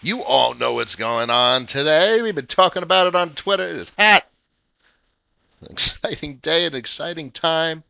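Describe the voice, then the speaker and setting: Brash, excitable man in his thirties. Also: on the high side, moderate pace, vocal fry, clear, resonant tone, dry recording, highs cut off. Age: 30s. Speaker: crypto livestream host. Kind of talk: casual livestream talk.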